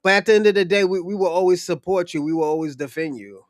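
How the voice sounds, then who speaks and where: A man's voice: high-pitched, fast talker, dry recording. A young man talking bluntly and heatedly in a casual podcast discussion, swearing and repeating his points. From United States. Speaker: podcast host.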